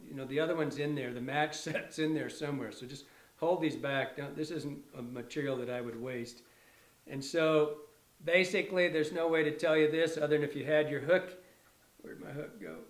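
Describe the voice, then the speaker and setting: A man's voice: on the high side, reverberant. A middle-aged man casually demonstrating fly tying, rambling and restarting his sentences with enthusiasm. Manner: rambling, self-correcting, enthusiastic. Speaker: fly tier, instructor. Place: fly shop tying bench.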